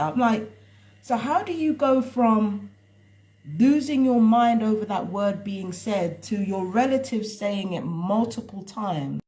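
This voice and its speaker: A woman's voice: medium pitch, expressive, slow pace, a little mellow. A woman talking casually on a live stream from home, rambling and exasperated as she vents. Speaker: tarot reader and vlogger. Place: at home indoors.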